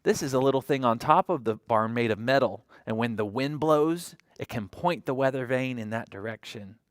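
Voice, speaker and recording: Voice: mid-range voice, normal speed, no echo, clean studio sound. A children's librarian reading a picture book aloud to toddlers, imitating animal sounds and asking the children questions.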